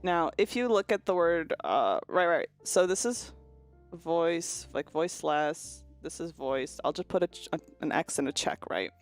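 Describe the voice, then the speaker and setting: A young woman with a fairly low voice chats casually on a livestream, explaining pronunciation through hands-on demonstrations. She swears freely and keeps a loose, conversational flow. Faint music plays behind her. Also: lively intonation, unhurried. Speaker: virtual streamer. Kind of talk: casual chat stream about linguistics.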